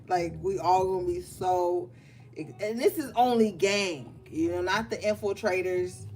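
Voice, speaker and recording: A woman's voice: lowish voice, measured pace, darkish tone. A woman doing a casual live tarot reading, chatty and loose with plenty of swearing. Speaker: tarot card reader.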